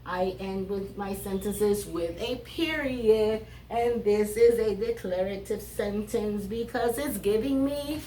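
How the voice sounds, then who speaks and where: A woman teaching a third grade class, reading riddles aloud with animated emphasis. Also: mid-range voice, slow, hardly any pauses, recorded from a distance, a little hiss or hum. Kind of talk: classroom lesson. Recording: roomy sound from away from the mic, faint ambience.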